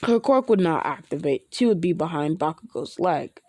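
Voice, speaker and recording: A woman's voice: deep voice, animated, moderate pace, dark tone, no room sound, studio quality. Rambling woman spinning a story. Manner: rambling with fillers and restarts. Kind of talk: improvised fan-fiction narration.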